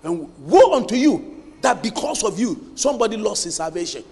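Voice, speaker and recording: High-voiced pastor preaching in a hall. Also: male voice, sing-song, normal speed, darkish tone. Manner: emphatic preaching, quizzing the congregation to finish his lines. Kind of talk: sermon. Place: church hall. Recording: long hall reverb.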